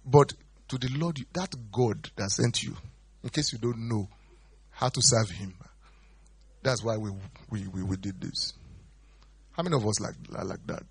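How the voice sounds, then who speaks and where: A man's voice: a little slow, long pauses, slightly rough, no echo. A middle-aged man preaching a sermon as pastor, dramatically acting out pleading quotes. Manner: dramatic, acts out quoted pleas with big pitch jumps.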